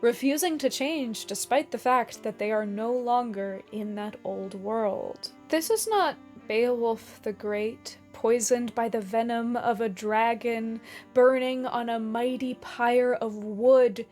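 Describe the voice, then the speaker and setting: A woman narrating a scripted video essay in a measured, explanatory way, with dramatic emphasis on key lines. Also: a little high, darkish tone, soft background music.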